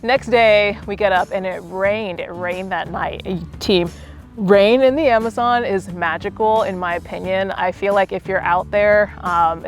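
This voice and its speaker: A young adult woman leading a workout, chatting casually and telling a travel story between exercise cues. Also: mid-range voice. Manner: chatty, animated, addresses viewers as team. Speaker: fitness instructor. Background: faint music.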